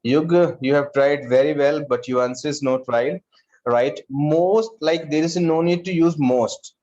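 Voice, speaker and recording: A man's voice: fairly high pitch, mellow. Indian english guy teaching grammar, repeats stuff, dull lo-fi sound. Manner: slow, repeats words and calls on students by name. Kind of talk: online class lesson.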